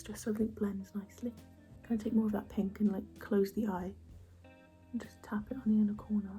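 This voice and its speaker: A young woman chatting casually through a makeup routine, soft and often half-whispered, chatty and self-mocking. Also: mid-range voice. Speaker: beauty vlogger.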